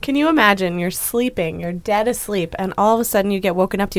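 A woman's voice: fairly high pitch, animated, quick pace, hardly any pauses, a bit bright, no room sound. A woman co-hosting a podcast in casual chat, earnest and reassuring, at times exasperated. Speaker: podcast co-host.

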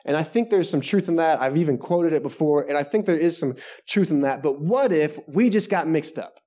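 Chatty joking pastor, a touch high. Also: male voice, animated, a little fast, dark tone. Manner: conversational and joking, with self-deprecating asides. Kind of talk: sermon. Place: church service before a live congregation.

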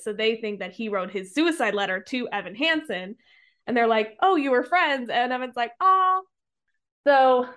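A woman's voice: mid-range voice, a bit bright, clean tone. A woman on a podcast retelling a movie plot in casual chat, rambling with lots of fillers and some swearing. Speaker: podcast co-host reviewing a movie.

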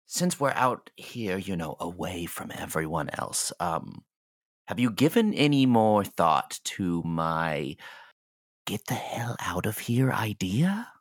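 Sly older ex-teacher, lowered voice, unhurried and swooping, voiced by a man. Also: big pitch swings, no room sound, studio quality, full character voice. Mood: scheming. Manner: conspiratorial, hushed, hesitant. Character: scheming older male former teacher. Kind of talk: actual-play roleplay.

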